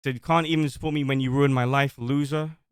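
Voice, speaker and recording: A man streams from home, talking defensively and at length as he reads old messages aloud. His voice is smooth and resonant, sitting at an everyday middle pitch. The close mic leaves it dry, with almost no room sound. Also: steady tone, fast, no echo. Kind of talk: livestream talk, reading out messages.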